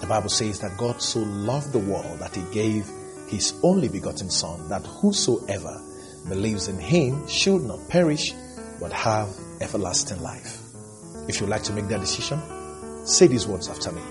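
A man leading a scripted broadcast altar call, steady and earnest. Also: on the low side, normal speed, music in the background. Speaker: minister leading a closing prayer.

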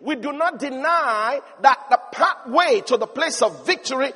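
A man preaching a sermon, telling the story with animated emphasis and rising to shouts of praise. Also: very high voice, normal speed, hardly any pauses, husky. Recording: long reverb of a large hall.

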